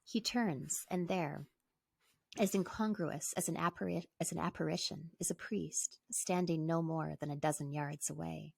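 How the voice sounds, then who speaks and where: A woman novelist from British Columbia, reading calmly from her book and chatting as a guest. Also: low-pitched, moderate pace, vocal fry, slightly rough, no room sound. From British Columbia, Canada.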